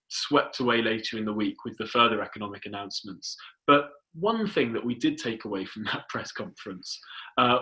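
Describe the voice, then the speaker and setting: Guy hosting a politics podcast, dry and measured, lots of ums, mid-pitch voice. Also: sharp tone, rough recording. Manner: measured, dry, with hesitant fillers. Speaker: podcast host. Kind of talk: casual political chat.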